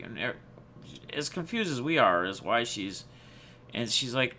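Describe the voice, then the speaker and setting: A man speaking straight to his viewers in a casual, unscripted way. His voice is bright and forceful at a middle pitch. He tells his story in a loose, reflective ramble and keeps restarting his sentences. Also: expressive, a little slow, a little hiss or hum. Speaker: channel host.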